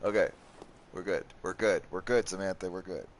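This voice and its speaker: A man's voice: low voice, moderate pace, slight background noise. A man giving casual let's-play commentary, joking, laughing often and talking back to his viewers. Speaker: gaming commentator.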